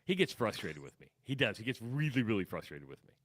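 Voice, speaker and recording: A man's voice: lowish voice, sing-song, fast. A middle-aged man with a Midwestern American accent, co-hosting a casual radio show, rambling and self-deprecating with many restarts. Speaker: radio co-host. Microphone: studio microphone.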